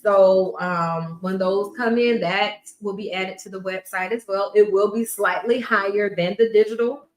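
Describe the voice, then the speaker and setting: A woman podcast coach talking casually to her viewers, chatty and emphatic, with quiet asides. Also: mid-range voice, steady tone, measured pace, few pauses, roomy sound, rough recording. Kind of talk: casual promotional talk to camera.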